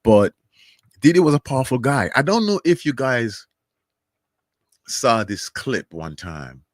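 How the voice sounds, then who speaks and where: A man's voice: medium pitch, big pitch swings, measured pace, no room sound, clean studio sound. A man hosting his own commentary channel, talking casually and rambling with many restarts and fillers.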